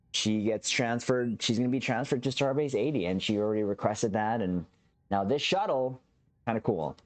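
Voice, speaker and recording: A man hosting a reaction channel, casually recapping a TV episode in a loose, rambling way with frequent restarts, talking straight to his viewers. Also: lowish voice. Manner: rambling, restarts often, addresses viewers as captains.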